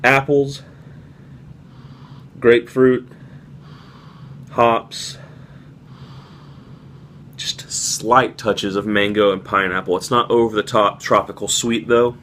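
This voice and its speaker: A man talking casually to the camera as he reviews a beer, relaxed and descriptive, with frequent fillers. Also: fairly low pitch, slow, long pauses, slight background noise.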